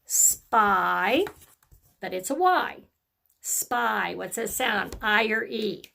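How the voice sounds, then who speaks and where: A woman teacher leading a phonics lesson for young children, speaking slowly and encouragingly and stretching out letter sounds. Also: mid-range voice, animated, vocal fry, bright, forceful tone.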